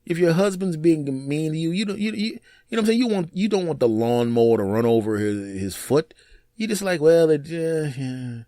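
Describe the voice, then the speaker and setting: A man hosting his own comedic podcast, telling stories in an animated way and laughing at his own jokes. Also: a little high, a little fast, no echo, studio quality. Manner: animated storytelling with laughs and mock voices. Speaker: podcast host. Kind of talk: solo comedic podcast monologue.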